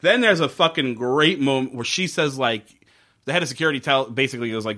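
A man's voice: mid-range voice, quick pace. A man co-hosting a casual recap chat, swearing freely and acting out characters' lines. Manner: profane, animated, acts out characters' lines. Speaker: podcast co-host.

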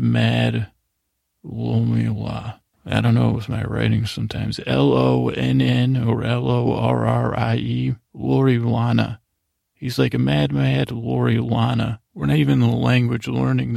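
Man, sleep podcast host, meandering bedtime recap, low-key, dry close recording. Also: vocal fry, a little mellow, no room sound. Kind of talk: rambling bedtime episode recap.

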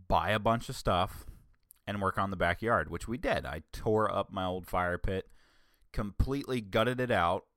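Low-voiced man rambling casually. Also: a bit bright, no echo, studio quality. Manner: rambling, restarts a lot, offhand. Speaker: vlogger.

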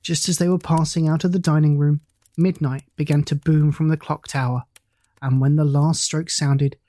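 Mellow, measured storybook narrator. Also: medium pitch, no echo. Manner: measured, even storytelling delivery. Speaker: audiobook narrator. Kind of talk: scripted narration of a classic ghost story.

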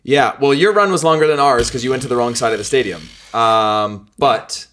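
A man's voice: mid-range voice, moderate pace, slight background noise. Joking man co-hosting a podcast. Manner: joking, relaxed. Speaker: podcast co-host. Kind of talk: casual sports podcast chat. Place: clubhouse room.

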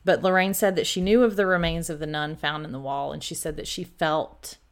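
A woman co-hosting a podcast, telling a ghost story in casual chat, with many ums and quick self-corrections. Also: sits low, steady tone, clean tone. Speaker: podcast co-host.

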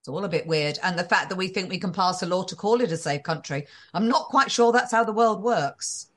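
Woman guest answering in a thoughtful, halting way. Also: on the low side, a bit bright. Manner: thoughtful, frequent restarts and fillers, occasional laughs. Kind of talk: conversational interview answers.

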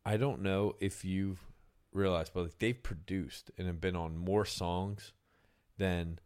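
A man's voice: deep voice, fairly even intonation, slow pace, a little mellow, clear, resonant tone. A young man hosting a casual podcast chat about music, loose and profane, often trailing off and restarting.

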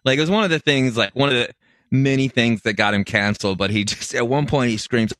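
A man co-hosting a comedy podcast, goofy and quick to laugh, tossing out wild jokes. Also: mid-range voice, fairly bright tone, dry recording, studio quality. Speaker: podcast co-host.

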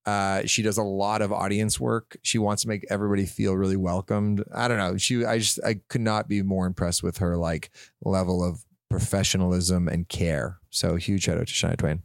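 A man's voice: low-pitched, flat delivery, moderate pace, gravelly, dry recording, studio quality. A young man, co-hosting a podcast, telling a long story in a rambling way, laughing as he acts out quoted dialogue. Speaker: podcast co-host. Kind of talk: casual chat, animated storytelling.

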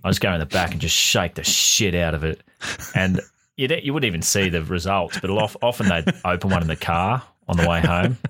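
Deep-voiced Australian man, dry and profane. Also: fairly quick, a bit bright. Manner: dry, profane, sardonic storytelling. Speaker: podcast co-host. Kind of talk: casual chat.

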